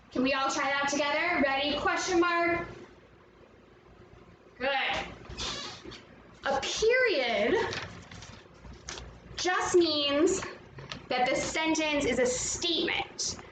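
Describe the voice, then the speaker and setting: A woman's voice: high-pitched, noisy background. A woman teaching a children's movement lesson, upbeat and encouraging, explaining each step. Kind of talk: guided movement lesson for kids. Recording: echoey room, mic at a distance, music playing.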